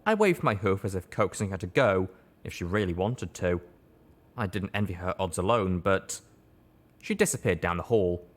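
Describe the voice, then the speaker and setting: Deep-voiced male audiobook narrator. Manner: steady, measured storytelling. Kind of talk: first-person story narration.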